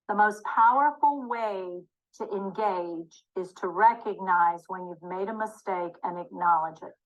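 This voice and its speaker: A woman's voice: mid-range voice, measured pace, phone-quality sound. Emphatic woman teaching dementia care. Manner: emphatic, acts out short apology phrases. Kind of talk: webinar teaching.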